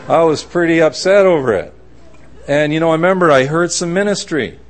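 A man delivers a sermon in a lively storytelling way, slipping into the voices of the people in his anecdotes. His speaking voice sits a touch higher than most men's. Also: brisk. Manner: animated storytelling, acting out voices. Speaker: preacher.

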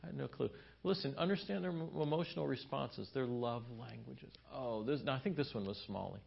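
A man's voice: mid-range voice, brisk, creaky, slightly rough, muffled recording. Man preaching, storytelling. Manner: storytelling, acts out his wife's lines in raised voice. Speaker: pastor. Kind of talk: sermon at a marriage seminar.

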